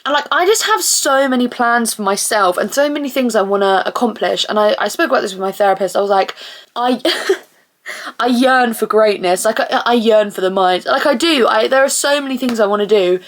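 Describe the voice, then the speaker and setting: A young woman, chatting casually to camera in a vlog, rambling and swearing with lots of "like" fillers. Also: medium pitch. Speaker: vlogger.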